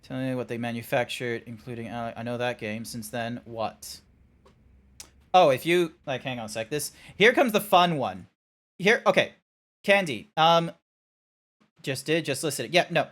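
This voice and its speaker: A male streamer talks loosely to his live chat, drifting off topic and back again. He swears freely and hums filler sounds while he looks things up. His pitch sits in an ordinary middle range. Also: lively intonation, normal speed, fairly bright tone. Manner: rambling and sidetracking, with profanity and filler sounds. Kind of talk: casual live-stream chat, answering viewers. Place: Australia.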